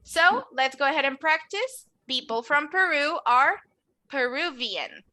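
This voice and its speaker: An English teacher speaks in a high, bright, forceful voice, very animated yet unhurried. She models words for her students to repeat and cheers them on during the lesson.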